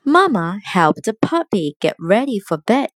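A woman storyteller who hosts the show and reads a picture book aloud in a slow, expressive way. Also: medium pitch, no room sound, low-quality recording.

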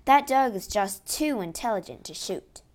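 A man's voice: high voice, animated, moderate pace. A woman reading a story aloud and voicing a dry, matter-of-fact frontier man. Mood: calm. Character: practical, laconic male frontiersman friend.

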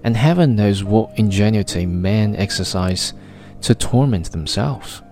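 Low-voiced man narrating a novel. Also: a little mellow. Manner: measured, literary first-person reading. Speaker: audiobook narrator. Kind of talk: scripted narration. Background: faint guitar music.

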